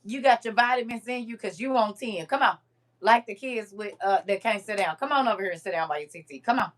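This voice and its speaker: A woman with a medium-pitched voice hosts a casual livestream, reading viewer comments aloud at a fast clip. She's lively and teasing, and she laughs often.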